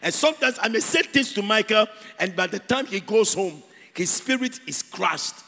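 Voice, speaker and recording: High-voiced gravelly preacher in a hall. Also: male voice, expressive, normal speed, pushed and bright, soft background music. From Ghana. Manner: emphatic, repeats key words, sings out phrases. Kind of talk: sermon. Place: church hall. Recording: echoey church hall with long reverb.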